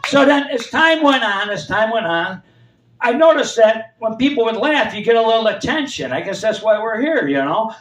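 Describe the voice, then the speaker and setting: A man in his seventies tells rambling stand-up anecdotes on a comedy club stage, acting out the voices of the people in his stories. His voice is high-pitched, very animated and a bit bright, at a normal speed. The recording has a roomy club sound, captured from far off.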